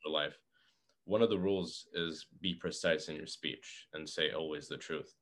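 A man taking part as a podcast guest in a casual philosophical discussion, reasoning in a measured, careful way. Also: very deep voice, fairly even intonation, fairly bright tone.

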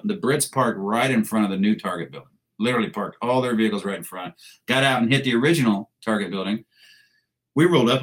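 A man's voice: mid-range voice, a bit bright. A man, a military veteran, telling a combat story in a blunt, casual, profane way with wry laughs.

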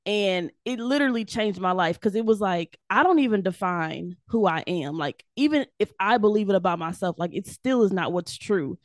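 A woman guest on a faith podcast, chatting casually and telling her story with animated energy and frequent laughs. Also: mid-range voice, normal speed, few pauses, no echo. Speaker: guest, devotional author.

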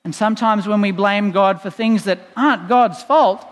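A man's voice: sits high, normal speed. A male pastor preaching a sermon in a church, explaining in a conversational way with playful asides. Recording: long reverb in a church hall.

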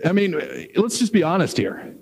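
A middle-aged man preaching a sermon, animated, acting out dialogue and rising high when excited. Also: moderate pace, slightly rough.

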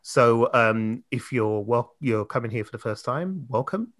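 A man's voice: mid-range voice, animated, measured pace, fairly bright tone, no echo, studio quality. A British man hosting a podcast over a video call, chatting loosely with lots of fillers. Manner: loose and rambling, many fillers. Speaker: podcast host. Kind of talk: casual podcast chat. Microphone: remote video call.

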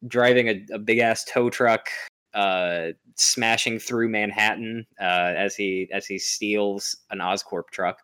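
A man talks through a movie recap in a relaxed, rambling way. His voice sits a little low. He fills pauses with "uh" and "you know". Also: clean tone. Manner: rambling, many fillers, laughs often. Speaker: podcast host recapping a film. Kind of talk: casual chat.

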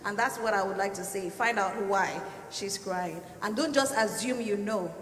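Bright, emphatic woman in echoey hall. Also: medium pitch, normal speed, a little hiss or hum. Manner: emphatic, earnest, repeats points. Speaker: panelist. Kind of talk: panel discussion answer. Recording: echoey hall, faint ambience.

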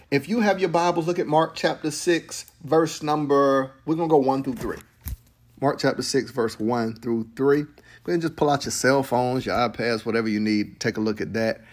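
Male pastor, high voice, lively, slangy, playful sermon delivery to a live church crowd. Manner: animated, playful preaching with slang and laughter. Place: church sanctuary with congregation.

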